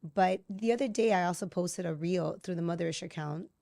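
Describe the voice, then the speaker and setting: A woman hosting a podcast, talking casually with quick, conversational restarts. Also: on the low side, creaky, dark tone, no room sound, studio quality. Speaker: podcast host. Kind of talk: casual chat.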